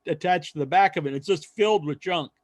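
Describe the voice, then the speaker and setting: A man co-hosting a podcast, telling a long story in casual chat and acting out other people's lines loudly. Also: fairly high pitch, brisk, no echo. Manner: rambling storyteller, acts out quoted voices loudly. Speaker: podcast co-host.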